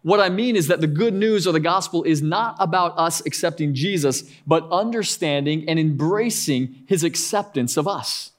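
A man's voice: on the high side, moderate pace, few pauses. A man in his thirties, a pastor preaching a conversational sermon with frequent asides and restarts.

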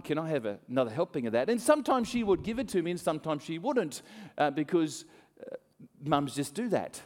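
A man preaching a sermon, telling a story with acted-out voices and frequent laughs. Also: a little high. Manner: animated storytelling, acts out voices, laughs often. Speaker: pastor. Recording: long hall reverb.

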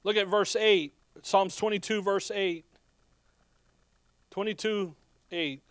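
A man preaching a passionate sermon. He swings from quiet asides to loud, urgent cries and often stops mid-phrase to look up chapter and verse. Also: high voice, steady tone, takes it slowly, clear, resonant tone, no echo.

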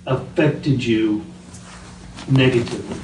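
A middle-aged father calmly asking his son a string of questions on a home recording. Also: medium pitch, takes it slowly. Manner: plain, steady questioning. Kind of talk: family conversation on a home recording. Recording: echoey room, far from the mic, noisy.

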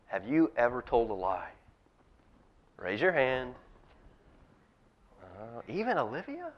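A man's voice: medium pitch, wildly swooping pitch, slow, muffled recording. A man, a pastor, giving a children's talk in a church service, telling a story and asking the kids questions. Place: church sanctuary.

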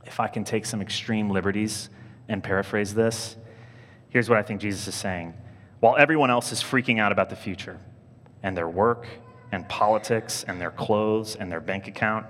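A man preaching as a priest, telling stories in a lively, animated way and leaping up in pitch when he mimics other people. His own voice sits fairly low. The sound rings with a long reverb from the church around him. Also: normal speed, a little hiss or hum. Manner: animated storytelling, jumping high when quoting others. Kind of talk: sermon.

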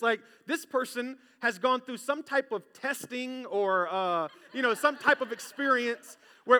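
A man preaching a sermon as pastor, lively and joking, getting the congregation to repeat phrases back. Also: sits high. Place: large church hall. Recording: long hall reverb.

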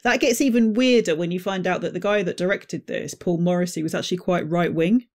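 A man's voice: high-pitched, fairly quick, a little mellow. A man co-hosting a casual film podcast, rambling and laughing as he talks. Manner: laughing, rambling, self-interrupting. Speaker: podcast co-host.

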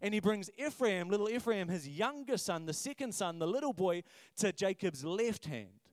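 A man in his thirties preaching a sermon, animated and acting out voices. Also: sits high, normal speed, no echo. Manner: animated, acts out quoted voices, repeats words when emphatic. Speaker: pastor.

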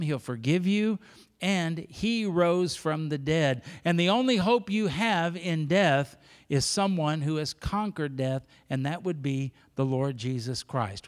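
An older man preaches from a church pulpit, his voice sitting a little high for a man. He drives his points home by repeating key phrases and pleading with the congregation, and his words ring out with a long hall reverb. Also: expressive, unhurried, clear, resonant tone. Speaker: pastor. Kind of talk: sermon.

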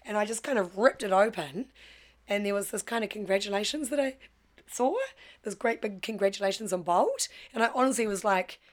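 A woman's voice: mid-range voice, fairly quick. A middle-aged woman, telling her own life story frankly and acting out the voices in it. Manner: frank, animated, acts out quoted voices. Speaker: guest storyteller. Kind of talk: personal storytelling.

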